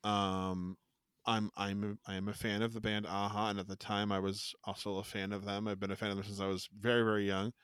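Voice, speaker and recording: A man's voice: lowish voice, level tone, a little fast, fairly bright tone, clean tone, dry recording, studio quality. A man co-hosting a casual horror podcast, rambling with many restarts and casual swearing. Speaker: podcast co-host. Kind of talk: casual chat.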